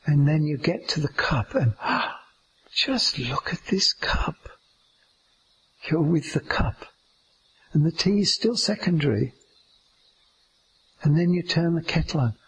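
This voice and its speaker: A man giving a slow, meditative teaching talk about staying aware in each moment, drawing out his words gently. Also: fairly high pitch, expressive, slight background noise, low-quality recording.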